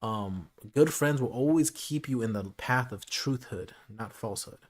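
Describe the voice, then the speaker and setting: A man's voice: medium pitch, moderate pace. A man streaming a late-night casual chat, earnest and reflective, talking things through with lots of "like" and "you know.".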